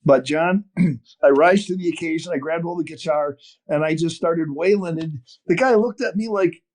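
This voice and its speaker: An older man from northern Wisconsin telling a long story in an interview, animated and full of restarts. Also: a little high, moderate pace. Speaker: podcast guest, fishing TV host. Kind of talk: storytelling interview over a call.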